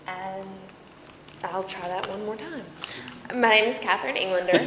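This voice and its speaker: A woman's voice: medium pitch, moderate pace. Good-humored Texan woman in a reverberant hall. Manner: good-humored and self-mocking. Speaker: faculty services representative. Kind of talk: conference presentation. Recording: long hall reverb over a crowd.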